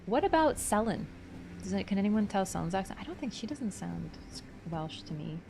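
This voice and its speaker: A woman's voice: medium pitch, very animated, a little fast, vocal fry, noisy background. A woman streaming a game, talking casually through its lore, thinking aloud and answering her chat. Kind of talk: casual livestream lore commentary.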